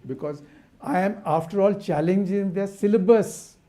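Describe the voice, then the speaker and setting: A man's voice: high-pitched, normal speed, dark tone. An older man from India giving a symposium keynote, asking rhetorical questions with passion and frequent restarts. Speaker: keynote speaker.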